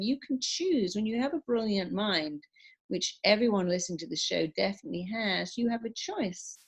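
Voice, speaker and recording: A woman's voice: mid-range voice, normal speed, slightly rough. A middle-aged woman, a psychologist and hypnotherapist, speaking as a guest on a radio interview in an emphatic, persuasive way. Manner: emphatic, persuasive, lively storytelling.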